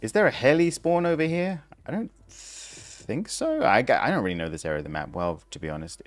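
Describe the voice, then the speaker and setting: A man's voice: medium pitch, very animated, fairly quick. A young man streaming a game live, chatting casually and explaining things step by step, with frequent restarts. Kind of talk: casual live gameplay commentary.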